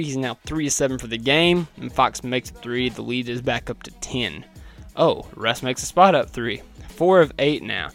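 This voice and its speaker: A man talks through a basketball game recap from his notes, chatty and wry, with a voice that is not deep. His pitch sits in the middle for a man, and faint music plays in the background. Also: fairly bright tone.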